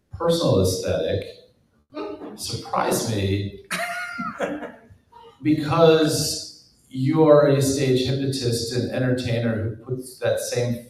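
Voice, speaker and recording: A man's voice: mid-range voice, darkish tone. A man on a live panel, speaking in a dry, teasing way. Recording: echoey room heard from far off.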